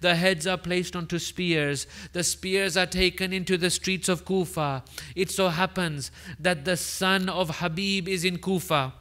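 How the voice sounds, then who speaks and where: A man, a sheikh, giving an emotional mourning sermon in short declarative sentences that swell into loud grieving cries. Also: high voice, steady tone, measured pace, few pauses. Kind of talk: emotional Muharram majlis narration.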